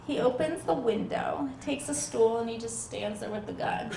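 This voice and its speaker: A high-pitched woman performs stand-up, her voice leaping up and down as she acts out everyone in her stories. The sound is echoey, with faint outdoor ambience behind her. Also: slow, creaky, long pauses, background noise. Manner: animated, acts out quoted people with voice changes. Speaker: stand-up comedian. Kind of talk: stand-up comedy storytelling. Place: outdoor backyard show.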